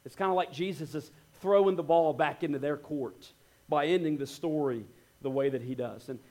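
A man's voice: a little high, normal speed. A male pastor preaching a sermon, reading scripture and acting out the characters' lines with shifting tone. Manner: expressive, acts out quoted lines with shifting tone.

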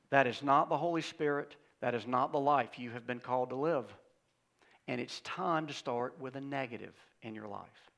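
A man preaching a sermon as pastor, emphatic, swinging between loud exhortation and hushed, intimate passages. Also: on the high side, vocal fry.

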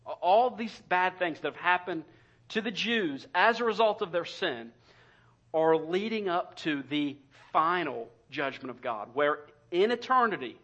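Pastor guy preaching hard, kinda high voice, dull lo-fi recording. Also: animated, measured pace, fairly bright tone. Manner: impassioned preaching, emphatic repetition. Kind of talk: sermon.

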